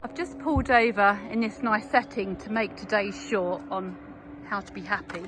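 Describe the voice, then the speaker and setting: A British woman vlogging from a motorcycle tour, chatting to camera and calmly talking herself through problems outdoors by the road. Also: medium pitch, normal speed, very noisy. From United Kingdom. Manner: chatty, reflective, talks herself through setbacks. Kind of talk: casual chat to camera. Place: outdoors by a roadside.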